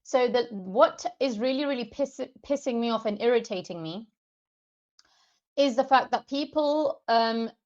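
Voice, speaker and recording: A woman's voice: on the high side, a little slow, a little mellow. A woman, a parent of two, ranting angrily at her viewers on a livestream, heavily profane and addressing them directly. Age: adult parent of two. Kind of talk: angry livestream rant. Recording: slightly dull lo-fi stream audio.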